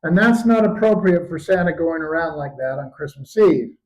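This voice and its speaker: An older man telling stories in an animated, expressive way at a live storytelling performance. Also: on the high side, normal speed, lo-fi sound.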